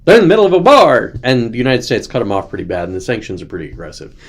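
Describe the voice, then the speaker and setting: A man's voice: medium pitch, expressive, very fast. A man hosting his own show, talking in a loose, ranting, sarcastic way and often slipping into mocking quotes. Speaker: host. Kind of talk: casual political commentary.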